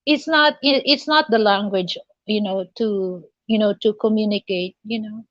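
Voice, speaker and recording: A woman with a Filipino accent hosting a casual live chat, halting and full of fillers and restarts. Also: medium pitch, a bit bright, dry recording, dull audio. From Philippines. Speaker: livestream host.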